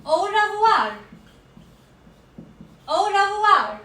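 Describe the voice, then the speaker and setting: A woman teaching a French class, slowly repeating each word for her learners. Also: very high voice, big pitch swings, bright, forceful tone. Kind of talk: classroom language lesson. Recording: echoey room.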